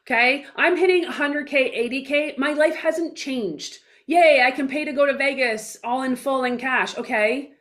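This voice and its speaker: High-voiced, emphatic woman in her forties. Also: moderate pace, few pauses, fairly bright tone. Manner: blunt and emphatic, with mild swearing; acts out little dialogues in her stories. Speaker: guest speaker, business coach. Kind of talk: casual interview talk.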